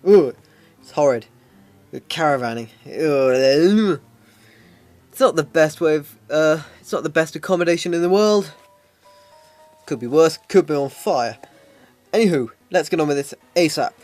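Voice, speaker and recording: A man's voice: fairly high pitch, measured pace, pauses often, a little mellow, soft background music. Rambling man commentating a game. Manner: rambling, self-deprecating humor. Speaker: Let's Play commentator.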